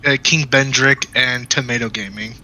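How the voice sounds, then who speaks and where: A man's voice: mid-range voice, fairly even intonation, moderate pace, bright, forceful tone, low-quality recording. A young man chatting casually with fellow tabletop players, rambling with fillers and laughing often. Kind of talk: casual chat among players.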